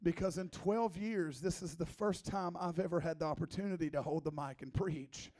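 A man's voice: on the high side, moderate pace. A man in his thirties preaching as a guest, a joking, conversational sermon full of teasing asides. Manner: playful, teasing, lively asides.

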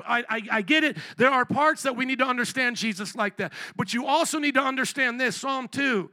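A man's voice: extremely high pitch, brisk, hardly any pauses, pushed and bright, dry recording. A man preaching a sermon as pastor, blunt and direct, acting out little voices of other people as he makes his points.

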